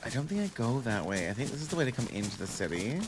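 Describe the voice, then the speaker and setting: A man's voice: medium pitch, sing-song, fast talker. A man streaming a game live, chatting casually with viewers and thinking aloud as he plays, with the odd hum between sentences.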